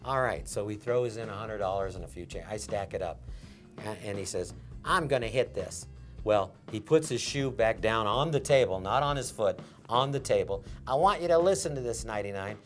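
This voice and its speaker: An older man from Las Vegas, once a casino dealer, tells a lively story in an interview and acts out the lines of the people in it. Faint music plays behind him. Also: fairly low pitch, moderate pace. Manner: animated storyteller, acts out quotes.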